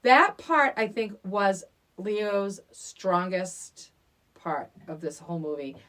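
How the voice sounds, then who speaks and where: Speaking slowly in a mid-range voice, a middle-aged woman tells a story on a podcast she co-hosts. The chat is casual, and she brings it to life by performing the quoted lines.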